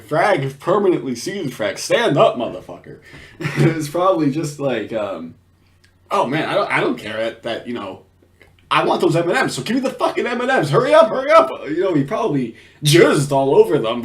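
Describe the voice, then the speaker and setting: A man giving casual, crude commentary on a video, laughing often and swearing. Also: mid-range voice. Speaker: commentator reacting to a clip.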